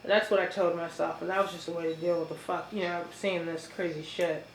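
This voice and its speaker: A woman talking in a casual, halting monologue full of fillers, chewing as she speaks. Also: on the low side, flat delivery. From United States. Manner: rambling, halting, with many fillers. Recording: echoey room with faint noise.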